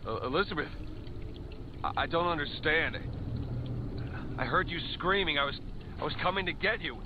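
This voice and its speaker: A man's voice: fairly high pitch, expressive, normal speed, natural voice. Man voicing a bewildered stammering mercenary. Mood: confused. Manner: stammering, urgent. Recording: muffled distant game audio with noise.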